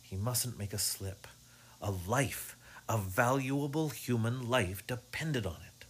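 A man reading a mystery story aloud as narrator, in a measured, even storytelling manner. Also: mid-range voice, breathy edge.

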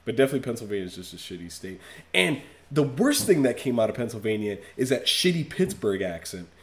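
A man's voice: medium pitch, sing-song, fast talker. A man in casual podcast chat, ranting in a profane, mock-outraged way.

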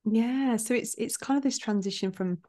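A woman's voice: a little high, normal speed, warm tone. A woman hosting an interview podcast, who checks her understanding by restating the guest's points as questions. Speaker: podcast host.

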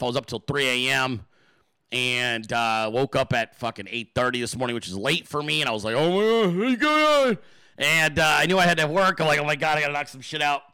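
A man's voice: bright, forceful tone, no echo. A man hosting a casual livestream Q&A, swearing freely, mocking his chat and ranting. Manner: profane, mocking, puts on shrill voices. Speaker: livestream host. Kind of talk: crude casual livestream rant.

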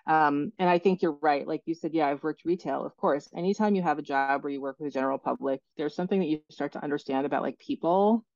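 A woman guest with a low voice tells relaxed anecdotes in easy podcast conversation. Her audio is muffled and lo-fi. It is very dry, with no room sound. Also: fast talker, hardly any pauses, no room sound. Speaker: author guest.

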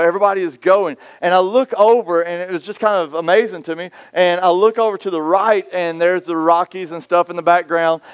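A man preaching a sermon, telling stories and acting out quoted voices with lively swings. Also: sits high, clean tone, no room sound. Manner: storytelling, animated, acts out quoted voices. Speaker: pastor.

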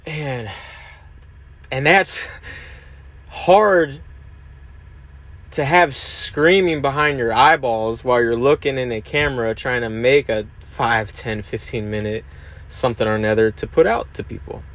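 A man's voice: medium pitch, measured pace, long pauses, a bit bright, no echo. A man hosting his own podcast, talking hesitantly and openly about his struggles, with many fillers. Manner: hesitant, many fillers and restarts, open and confessional. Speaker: podcast host. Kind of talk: candid solo podcast monologue.

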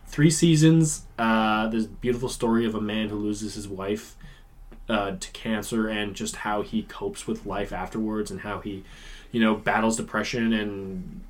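A man co-hosting a podcast in the studio, chatting casually and with animation, laughing often and trailing off into mumbles. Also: on the low side. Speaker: podcast co-host. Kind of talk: casual chat.

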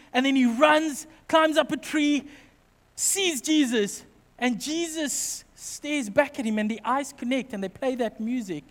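High-voiced man preaching. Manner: animated, acts out family quotes, jokey asides. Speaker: pastor. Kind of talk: sermon with personal storytelling. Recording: long reverb from a large hall.

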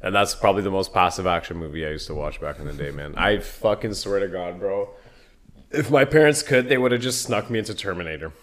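A young man with a lowish voice chats casually and tells stories in an animated, profane way. He keeps cutting into quick impressions of movie characters. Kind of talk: casual chat.

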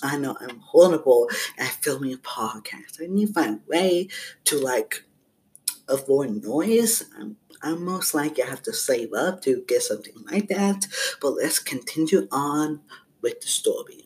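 A man's voice: medium pitch, expressive, measured pace, a little mellow. A man hosting a podcast, casually reading a text-message horror story aloud, naming each sender before the message and breaking off to chat with listeners, recorded at home on a headset mic. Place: at home with household noise around.

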